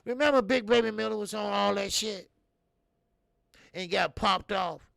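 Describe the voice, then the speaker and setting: A man hosting a casual boxing stream, his slightly raised voice full of deep gravelly fry. He rambles and curses freely, stumbling through fillers as he answers viewers. The sound is close and dry, with no room in it. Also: fairly even intonation, unhurried, a bit bright, no echo. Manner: loose, profane and rambling, with many fillers. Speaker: boxing talk show host. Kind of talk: casual live-stream commentary.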